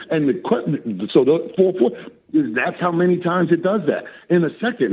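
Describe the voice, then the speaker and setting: A gravelly, husky man in his sixties, chatting as an interview guest. His pitch sits fairly high and leaps all over the place as he plays out imagined back-and-forths. The audio is dull and lo-fi. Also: normal speed. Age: 60s. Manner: animated, playful, acts out both sides of conversations. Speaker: guest musician. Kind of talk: casual interview chat.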